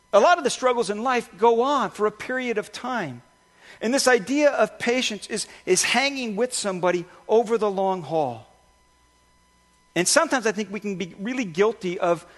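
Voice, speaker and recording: A male pastor giving a conversational sermon, telling stories with lively restarts and asides. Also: high-pitched. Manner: conversational, animated storytelling with restarts. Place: church sanctuary.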